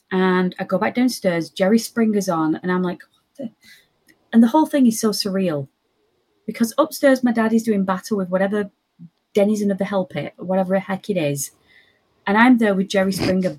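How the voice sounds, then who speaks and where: A young woman telling a spooky personal story in casual chat, lively and quoting others. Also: medium pitch, moderate pace, slightly rough. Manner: animated, quotes others in voices.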